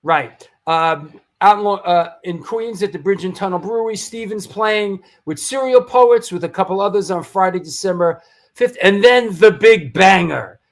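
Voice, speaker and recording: Brief: high-voiced male livestream host, loose hyped announcer, stumbles and restarts. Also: moderate pace. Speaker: show host. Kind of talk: livestream talk show chat.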